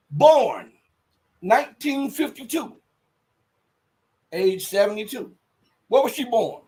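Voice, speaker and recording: A man hosting a livestream, giving casual political commentary in a rambling, emphatic way, breaking into loud outbursts and muttering while he searches online. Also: high-pitched, poor audio. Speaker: livestream host.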